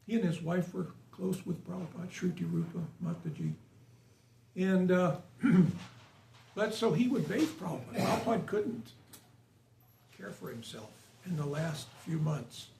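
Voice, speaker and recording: A man with a high-pitched, gravelly, mellow voice speaks a little slowly and pauses often during a conversational spiritual talk, asking a small live audience questions. The recording is roomy from a distant mic, with faint hiss.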